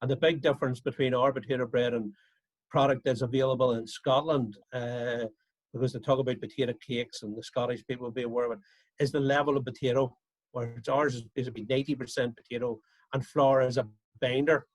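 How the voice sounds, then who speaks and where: A man's voice: medium pitch, fairly even intonation, fast, no room sound, rough recording. A man from a bakery, explaining his products steadily with fillers on a video call. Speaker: bakery guest. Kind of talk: casual chat on a video call.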